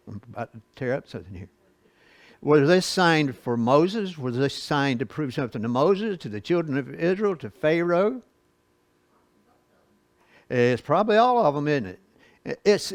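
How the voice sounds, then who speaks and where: Leading a Bible study lesson, a man with a voice on the high side reads scripture slowly and explains it in a folksy manner, peppered with chuckles and asides. No room sound is present.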